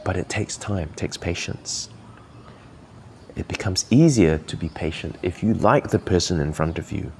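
A man's voice: low-pitched, normal speed, darkish tone, a little hiss or hum. A man from Malaysia hosting a podcast, giving earnest, encouraging coaching talk while thinking aloud. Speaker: podcast host.

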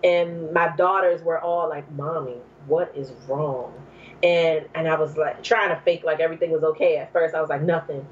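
A woman, a mother in her thirties or forties, telling a personal story as a guest, leaping to high exclaims when she quotes herself. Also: flat delivery, a little fast, hardly any pauses, far from the mic, a little hiss or hum. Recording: dull lo-fi recording.

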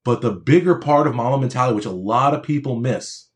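A man with an average-pitched voice gives a motivational talk to would-be doctors. He speaks in a loose, conversational way and checks in with his listeners. He drives home points by repeating phrases. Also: fast talker. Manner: emphatic, repeats phrases for emphasis. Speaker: motivational speaker to aspiring medical students. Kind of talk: motivational speech with personal stories.

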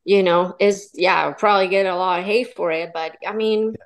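A woman's voice: lowish voice, moderate pace. A young adult woman from Colombia, a podcast guest, chatting casually and animatedly about dating. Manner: chatty, animated, acts out quoted voices. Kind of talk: casual interview chat.

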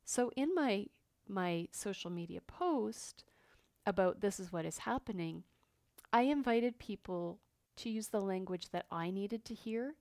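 A woman hosting a podcast, talking openly and earnestly about her feelings, with frequent pauses and fillers. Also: medium pitch, animated, darkish tone, dry recording, studio quality. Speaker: podcast host. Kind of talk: personal reflective monologue.

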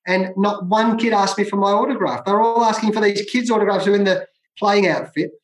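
A man's voice: high voice, fairly even intonation, a little fast. A middle-aged Australian man telling stories as an interview guest, emphatic and given to repeating phrases for effect. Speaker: guest, former cricketer. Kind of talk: conversational storytelling. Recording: roomy echo.

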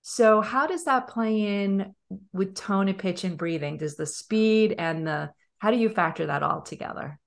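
A woman's voice: mid-range voice, a little slow, vocal fry. A woman with a Long Island New York accent, hosting a podcast interview and asking the guest questions in a conversational way. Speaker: podcast host.

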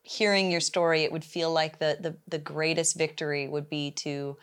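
A woman hosting an interview, asking curious, reflective questions in a relaxed conversational tone. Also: low-pitched, normal speed, clean tone. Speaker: podcast host.

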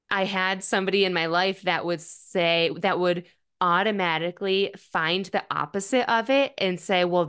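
A woman in her thirties talking candidly and earnestly about her feelings, in measured phrases with small pauses and restarts. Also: on the low side, a bit bright, smooth. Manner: earnest, candid, self-reflective. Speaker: journaling vlogger. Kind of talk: reflective personal talk.

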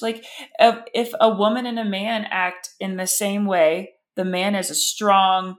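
A woman in her thirties hosting a podcast, talking candidly and animatedly, quick to laugh. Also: medium pitch, steady tone. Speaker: podcast host. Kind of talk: casual interview chat.

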